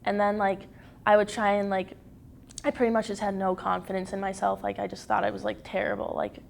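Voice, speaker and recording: A teenage girl giving a candid personal account in an interview, halting and full of fillers and restarts. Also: medium pitch, flat delivery, vocal fry, a little hiss or hum. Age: teens. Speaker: interview guest.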